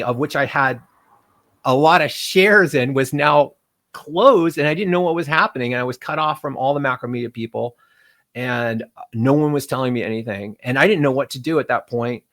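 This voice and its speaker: A middle-aged man, a game developer as interview guest, telling animated stories and acting out quotes in voices. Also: medium pitch, normal speed. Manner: animated, acts out quotes in voices, laughs often. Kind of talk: casual storytelling interview.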